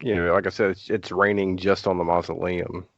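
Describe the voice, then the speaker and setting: A man with a very low voice talks loosely as a guest on a podcast. He piles up fillers and starts his sentences over. The sound is close and dry, but dull and lo-fi. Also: little pitch movement, brisk, no echo. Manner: rambling, many fillers and restarts. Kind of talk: casual podcast chat.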